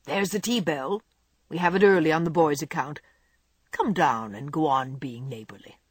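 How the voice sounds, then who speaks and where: A reader voicing a gruff old gentleman. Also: mid-range voice, normal speed, no echo, close to an everyday voice. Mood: brisk. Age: older. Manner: gruff, abrupt. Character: gruff old gentleman, abrupt but kind.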